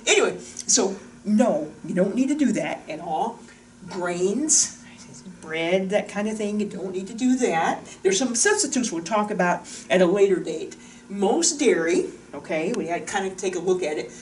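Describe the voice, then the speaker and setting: A woman's voice: medium pitch, lively intonation, normal speed, darkish tone, recorded from a distance, a little hiss or hum. A woman giving a chatty, joking diet talk as a wellness coach, standing by a board in a room. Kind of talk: casual diet talk to camera. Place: room with a whiteboard.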